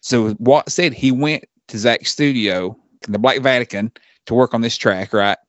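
A man's voice: medium pitch, unhurried, dry recording. A man co-hosting a casual music podcast, rambling and swearing freely. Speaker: podcast co-host. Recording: dull lo-fi dry audio.

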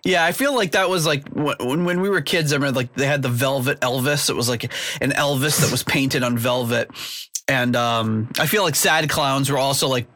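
Bright-voiced male podcast host. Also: mid-range voice, brisk. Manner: chatty, many fillers, mimics lines. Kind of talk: casual podcast chat.

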